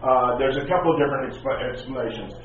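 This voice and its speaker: A man's voice: medium pitch, fast, a little hiss or hum. A man teaching a class, lecturing in an informal, rambling, conversational way. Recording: echoey, distant, tinny classroom recording.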